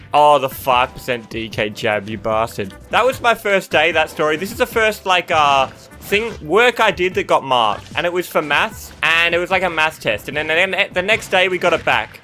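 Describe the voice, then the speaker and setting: Young man, gaming YouTuber, bright and slightly high voice, telling stories over a game with music faint behind him. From Australia. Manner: animated, breaks off mid-story to react to the game. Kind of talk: storytelling while playing a video game.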